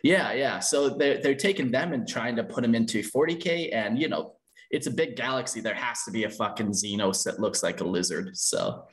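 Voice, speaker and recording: A man's voice: medium pitch, moderate pace. A young man hosting a podcast, swearing casually and stumbling over words while reading a story aloud. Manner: loose and profane, stumbles when reading. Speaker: podcast host. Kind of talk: casual chat and reading fan fiction aloud.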